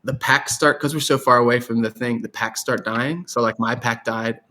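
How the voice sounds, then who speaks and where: An Irish man, a guest songwriter, talking in a rambling, animated way in a casual interview. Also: medium pitch, moderate pace. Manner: rambling, animated storyteller with laughs and restarts.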